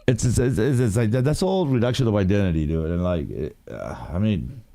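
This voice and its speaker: A man's voice: lowish voice, a little fast, no echo. A man co-hosting a casual podcast discussion, ranting in a rambling, profane way with plenty of fillers. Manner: profane, rambling, animated rant with lots of fillers. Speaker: podcast co-host.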